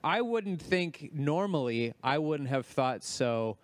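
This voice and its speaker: Male co-host, slightly high, smooth and resonant, dry close mic, teasing banter. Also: lively intonation, slow. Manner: teasing, wisecracking interjections. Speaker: podcast co-host. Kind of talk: casual comedic banter.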